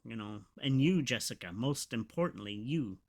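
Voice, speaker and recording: A man hosting a podcast, talking in a rambling, emotional, halting way with many fillers. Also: mid-range voice, animated, darkish tone. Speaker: podcast host. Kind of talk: casual confessional podcast talk.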